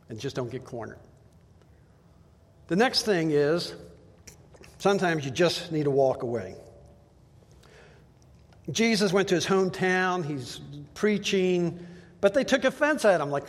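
A man's voice: fairly high pitch, lively intonation, normal speed, long pauses. A man preaching a sermon in a conversational way, acting out the voices he quotes. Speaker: pastor. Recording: long hall reverb.

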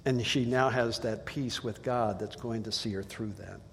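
Male pastor, relaxed conversational sermon, plainspoken storyteller, long hall reverb. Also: lowish voice, normal speed, gravelly, slight background noise.

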